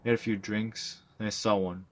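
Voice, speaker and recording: A man's voice: on the low side, level tone, brisk, lightly acted. A man reading a novel aloud, voicing a boastful, coarse drunk male war veteran telling his stories. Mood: bragging. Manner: bragging, coarse, swaggering storyteller.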